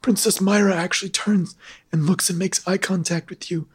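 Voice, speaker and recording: A man's voice: high-pitched, steady tone, normal speed, breathy edge. A man narrating a tabletop game as game master, joking and self-mocking.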